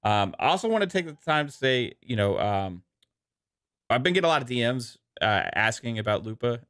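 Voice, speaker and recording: A man hosting a casual podcast, talking in a relaxed, rambling way with many fillers. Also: medium pitch, brisk, dry recording, studio quality. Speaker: podcast host.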